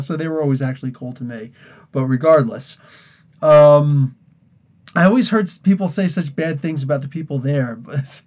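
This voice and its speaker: A man's voice: on the high side, darkish tone. Tired, chatty man on a lo-fi stream. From New Jersey. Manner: rambling, chatty, laughs often. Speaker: podcast host. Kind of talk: casual livestream chat.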